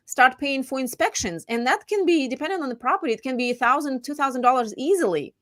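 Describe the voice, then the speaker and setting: A woman real estate agent chatting casually about home buying, animated and voicing her clients' lines. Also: high voice, fast talker, no room sound. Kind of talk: casual chat.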